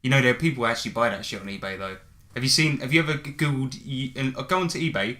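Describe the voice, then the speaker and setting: A man's voice: mid-range voice, very fast, bright, forceful tone. A man co-hosting a casual gaming podcast, crude and teasing. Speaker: podcast co-host. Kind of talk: casual banter.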